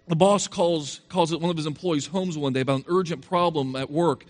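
A man preaches a sermon in a somewhat high voice, leaning on repetition for emphasis. He speaks straight to the congregation with rhetorical questions. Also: steady tone, moderate pace. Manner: repeats phrases for emphasis.

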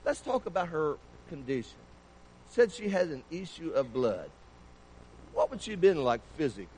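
Male preacher, high animated voice, conversational sermon full of questions to the pews. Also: moderate pace, slight background noise, poor audio. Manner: conversational, asks the congregation many questions. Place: church.

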